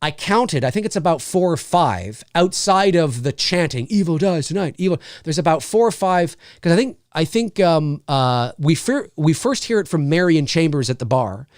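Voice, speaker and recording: A man reviews a film off the cuff, thinking aloud and restarting his sentences as he goes. His voice sits a little high and swings lively up and down. The sound is dry and close. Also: normal speed, few pauses, no room sound. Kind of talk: unscripted spoken film review.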